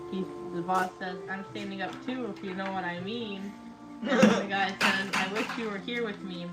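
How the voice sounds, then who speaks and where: A woman hosting a show, retelling a funny story in casual chat and laughing often as she goes. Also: medium pitch. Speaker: podcast host. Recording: echoey room with loud background noise.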